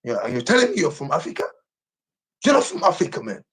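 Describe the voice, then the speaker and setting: A man's voice: a little high, huge pitch swings, fast talker, a bit bright, slightly rough. A Nigerian man ranting on a livestream, agitated and repeating the same phrases over and over.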